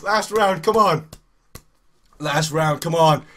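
A man giving excited live commentary while playing a cycling race game, urging himself on, repeating phrases and shouting. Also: on the high side, takes it slowly. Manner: urgent, repetitive, shouting in excitement. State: out of breath. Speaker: gaming YouTuber.

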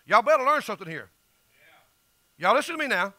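A man's voice: extremely high pitch, big pitch swings, brisk, pushed and bright, dry recording. A middle-aged man with a Southern US accent, preaching an emphatic, folksy sermon as pastor.

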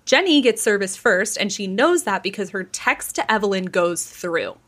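A woman's voice: medium pitch, normal speed. A woman hosting a podcast, telling a gossip story in a casual way, acting out the people in it and laughing often. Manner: animated storyteller, acts out quotes, laughs often. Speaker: podcast host.

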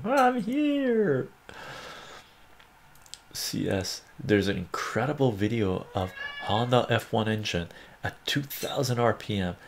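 A man's voice: lowish voice, slight background noise. A man hosting a live stream from home, chatting casually and reading out viewer comments, laughing often and thinking aloud. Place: home room with a meowing cat.

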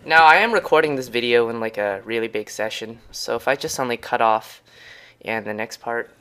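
A man narrating his own gameplay in a crisp, bright voice. He swings between chatty asides and panicked yelps, repeating himself when things go wrong. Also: mid-range voice, fairly quick. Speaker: gaming channel host. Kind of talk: let's play commentary.

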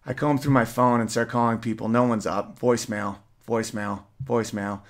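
Male host, mid-pitched, reads a personal story with earnest emotion. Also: flat delivery, brisk. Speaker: podcast host. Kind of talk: reading a personal story aloud.

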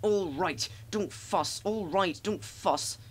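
A man's voice: big pitch swings, slow pace, full character voice. A man voicing a gang of silly, noisy freight trucks in a storybook reading, squealing and giggling. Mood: taunting. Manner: high-pitched squeals and giggles.

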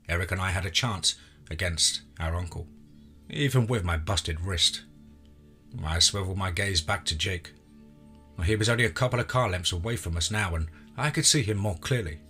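A man reads a horror story aloud in a tense, measured narration. His voice sits very low yet sounds bright and forward. Faint music plays underneath.

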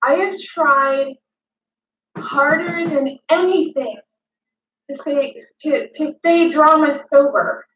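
Woman doing a high, bright ranting influencer. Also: slow, far from the mic, a little hiss or hum. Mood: indignant. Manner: emotional, repetitive ranting with swearing. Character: dramatic adult female influencer ranting at critics. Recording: dull, echoey room, mic set back.

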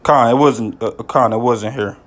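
A man teaching scripture in a casual, excitable way, often adding "man" and "you know", reading verses slowly. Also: mid-range voice. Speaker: bible teacher.

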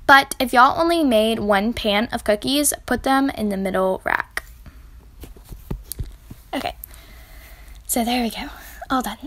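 A woman's voice: a little high, takes it slowly, pauses often, fairly bright tone, slight background noise. A woman, chatting and giggling as she bakes in her home kitchen for a casual vlog tutorial. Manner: chatty and giggly, talking while she works. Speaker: baking vlogger.

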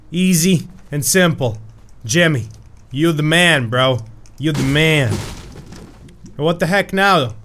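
A young man giving excited gameplay commentary, yelling at his character and then muttering to himself. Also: fairly high pitch, clean tone. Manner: loud, shouts at his game character; animated, swings from yelling to muttering. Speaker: gaming YouTuber.

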